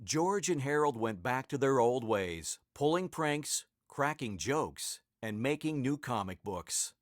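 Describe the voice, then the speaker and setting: Guy reading a kids' book aloud, slow and super animated, dry close mic. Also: mid-range voice, no room sound. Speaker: narrator. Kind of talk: storybook read-aloud narration.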